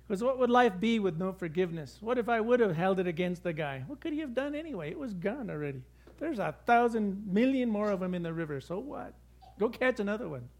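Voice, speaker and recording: A middle-aged male pastor preaching a sermon with lively, conversational storytelling. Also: sits high.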